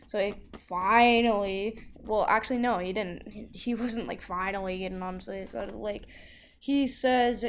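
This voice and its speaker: A woman tells a story in a loose, rambling way, with lots of "like" and false starts. Her voice sits at an ordinary middle pitch. A faint hiss runs underneath. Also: steady tone, normal speed. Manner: rambling, full of "like" and restarts. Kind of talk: casual storytelling.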